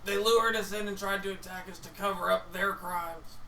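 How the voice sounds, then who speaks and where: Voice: medium pitch, steady tone, normal speed, pushed and bright, a little hiss or hum. A player in a tabletop game who speaks casually and makes blunt, emphatic declarations in character. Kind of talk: casual tabletop role-play. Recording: echoey room, mic at a distance.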